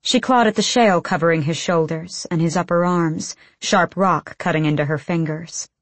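Reading at a normal speed, a woman with a voice on the low side narrates an audiobook script. Her phrasing comes in short, tense bursts, and there's no room sound at all.

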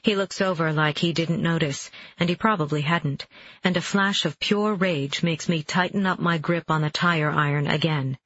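A woman narrating a first-person audiobook in a steady, deliberate manner. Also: low voice, lo-fi sound, slight background noise.

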